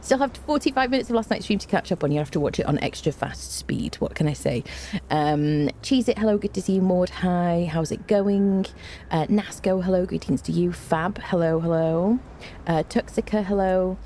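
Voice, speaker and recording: A woman's voice: lowish voice, normal speed, dark tone, a little hiss or hum. A tired woman game streamer in casual live-stream chat, bubbly and chatty as she greets her viewers one by one with repeated hellos.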